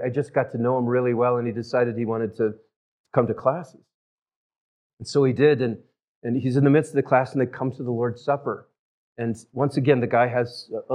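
A man preaching a sermon, telling stories and shifting from loud emphatic lines to near-whispered ones. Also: mid-range voice. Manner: storytelling with big swings from loud to hushed. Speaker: pastor.

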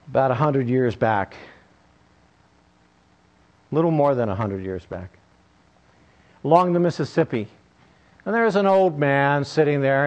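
A man's voice: mid-range voice, darkish tone, rough recording. A male preacher delivering a sermon, telling a story in an emphatic way.

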